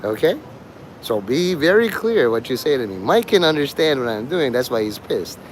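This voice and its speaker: A man's voice: medium pitch, very animated, moderate pace, a little hiss or hum. A man rambling to his livestream chat, swearing, joking and laughing often.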